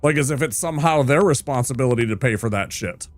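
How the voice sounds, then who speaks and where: A man's voice: medium pitch, fast talker, no room sound, soft background music. A male streamer ranting hard with heavy swearing while he plays a game. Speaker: gaming streamer.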